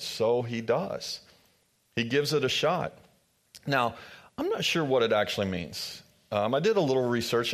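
A man preaching a sermon, retelling a story casually with modern sports asides and thinking aloud. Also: mid-range voice. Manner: thinking aloud, frank about not knowing.

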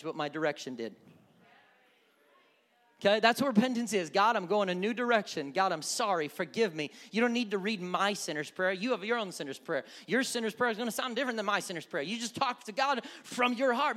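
A man preaching a sermon as pastor, animated, acting out quoted prayers and shouts. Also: sits high, a little fast, big-room sound. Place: church.

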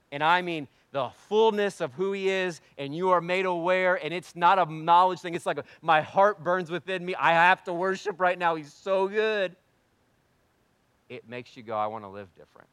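A man preaching a sermon, conversational and animated, swinging between loud emphasis and hushed asides. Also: on the high side, clean tone, no room sound. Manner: conversational, self-deprecating humor. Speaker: pastor.

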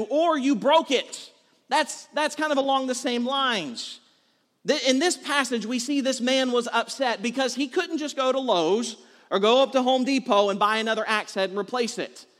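High-voiced pastor preaching in a reverberant hall. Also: male voice. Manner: conversational, joking, animated storytelling. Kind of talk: sermon.

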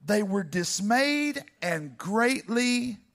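Animated preacher man with a bright gravelly voice. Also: high-pitched, very slow. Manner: dramatic, builds to near shouting, speaks to the congregation directly. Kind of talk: animated sermon.

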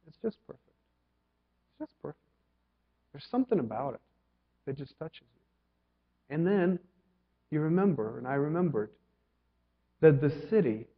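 Pastor, male, from Ukraine, fairly high voice, preaches with probing questions, quiet to loud; dull recording in a long-reverb church. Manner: questioning, swings from loud to hushed. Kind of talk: sermon.

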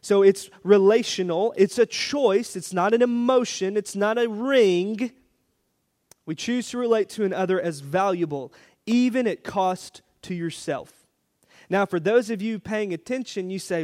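Higher-pitched guy pastor giving a sermon, chatty and playful, repeats himself for effect. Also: measured pace, a little mellow. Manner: storytelling with playful asides and repetition.

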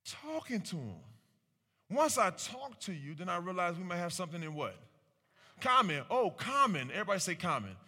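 Animated man working a crowd in a hall. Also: high-pitched, moderate pace. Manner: animated, rhetorical questions, acts out quoted voices. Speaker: speaker at a community talk. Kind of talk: preaching-style public talk with audience call-and-response. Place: large room with an audience. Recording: reverberant hall.

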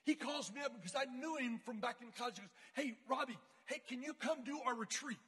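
Bright high-voiced man telling stories. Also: brisk, slightly rough, in a large hall. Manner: casual, slangy, animated storytelling. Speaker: youth speaker. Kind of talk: storytelling sermon.

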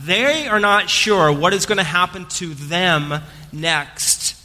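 A man's voice: high voice, slow pace, sharp tone. A man preaching an Easter sermon in a church, telling a story and joking with the congregation in a conversational way. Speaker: pastor. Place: church sanctuary. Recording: long hall reverb.

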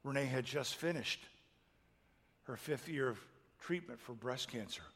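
A middle-aged man preaching a sermon, telling a personal story in an emotional way that builds to loud, impassioned peaks. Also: mid-range voice, unhurried, creaky, big-room sound. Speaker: pastor.

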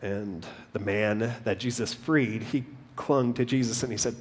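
Earnest low-voiced male preacher. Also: unhurried. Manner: earnest, storytelling with frequent restarts. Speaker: pastor. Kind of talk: sermon.

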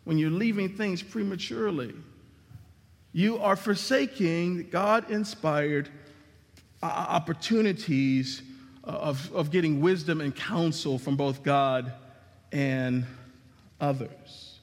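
A man preaching a sermon as pastor, emphatic, with sweeping swings in pitch and volume. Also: slow pace, in a large hall. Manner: emphatic preaching with dramatic drops and rises in pitch.

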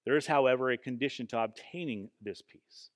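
A man preaching a sermon in an earnest, emphatic way, often pausing with fillers and restarting his phrases. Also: mid-range voice. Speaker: pastor. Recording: long hall reverb.

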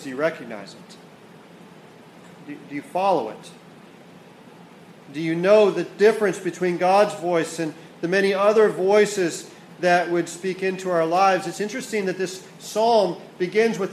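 A male pastor with a fairly high voice preaches with earnest build-up in a church hall, often repeating words as he climbs toward questions and then eases back down. The hall is echoey, with faint ambience and slight background noise.

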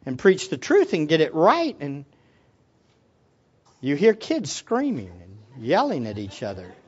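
A male pastor delivering a sermon with a very lively, swooping pitch. He jumps between loud, forceful outbursts and hushed, low asides, and he often repeats a word as he restarts a phrase. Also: unhurried, slightly rough, muffled recording. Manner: repeats words when restarting.

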